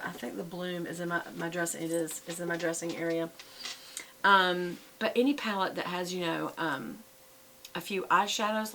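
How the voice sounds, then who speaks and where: A woman's voice: lowish voice, creaky, a bit bright, slight background noise, rough recording. A middle-aged woman, chatting casually in a show-and-tell vlog and rambling with fillers and self-corrections. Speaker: vlogger.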